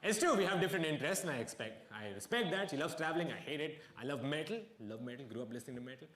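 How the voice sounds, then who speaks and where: Wry stand-up comedian, lively pitch. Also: male voice, racing. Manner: wry, deadpan asides with bursts of mock outrage. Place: stage before a live audience. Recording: echoey live venue with crowd noise.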